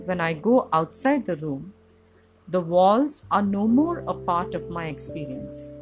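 A woman giving a calm, measured philosophical lecture on the self, setting out examples one by one. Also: mid-range voice. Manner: measured, reflective, lists examples deliberately. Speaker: spiritual teacher. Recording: music playing behind.

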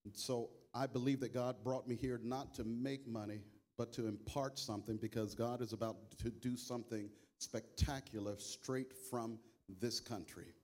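A bishop preaching to a church congregation, singing worship lines and leading the room in call and response. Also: male voice, fairly even intonation, darkish tone. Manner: sings with long drawn-out high notes. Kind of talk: worship singing then sermon. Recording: live church mic with music behind.

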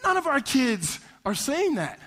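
A pastor preaching a sermon in a church, telling stories in an animated, conversational way with frequent tag questions. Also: male voice, very high-pitched, measured pace, big-room sound. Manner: animated, conversational storytelling with repeated "right?". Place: church sanctuary.

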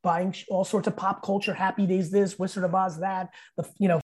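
This is a man in his fifties speaking as a podcast guest, with a husky, slightly breathy voice and a mellow, dark tone. He tells stories emphatically, swears freely and acts out quotes in casual chat. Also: high voice, little pitch movement, brisk. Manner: profane, emphatic storyteller who acts out quotes.

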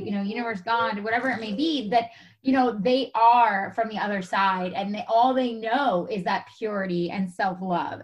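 A woman's voice: fairly high pitch, low-quality recording. A young adult woman hosting a podcast conversation, talking enthusiastically and chattily with many fillers. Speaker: podcast host.

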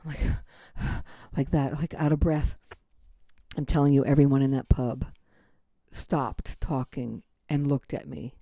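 An American woman hosts her podcast and tells a story in a candid, unfiltered way. Her voice sits low and mellow. The recording is dry and close, with no room sound. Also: fairly even intonation, normal speed, no echo. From United States. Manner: candid and swears freely. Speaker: podcast host. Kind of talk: casual storytelling.

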